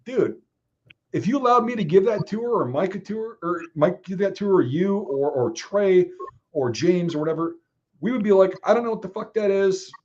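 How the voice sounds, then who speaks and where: A man hosting a casual online stream, telling stories in a profane, animated way. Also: high voice, moderate pace, lo-fi sound. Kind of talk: casual chat.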